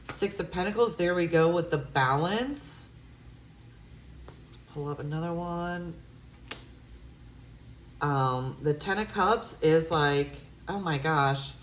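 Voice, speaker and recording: A woman's voice: deep voice, lively intonation, slow, pauses often, roomy sound, a little hiss or hum. A woman giving a tarot love reading, musing aloud with hesitant fillers and breaking into gushing, effusive exclamations. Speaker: tarot reader.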